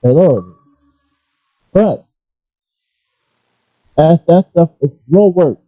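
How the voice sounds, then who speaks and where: A man ranting casually about gaming and pausing often to apologize for his language. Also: a little high, dry recording. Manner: animated, apologetic asides, restarts. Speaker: gaming commentator. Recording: dull lo-fi, dry.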